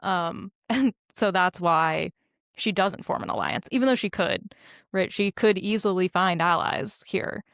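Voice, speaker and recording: This fairly low-pitched woman speaks unhurriedly with some vocal fry, co-hosting a laid-back podcast where she breaks down a film scene by scene. She's animated, laughs a lot, and performs the quotes. The sound is clean studio audio with no room sound.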